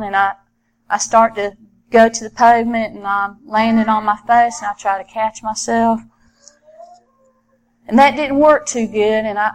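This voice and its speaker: Middle-aged woman, ex-cop, telling her story, earnest and halting, a bit higher voice. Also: rough recording. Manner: earnest, halting with frequent repeated starts. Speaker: former police officer. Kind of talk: personal testimony storytelling.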